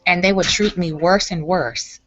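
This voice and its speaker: A woman host with a lowish voice talks frankly and with energy, often repeating words to drive a point home. The sound is muffled and lo-fi, as if through a weak connection. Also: moderate pace, fairly bright tone. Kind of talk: casual chat.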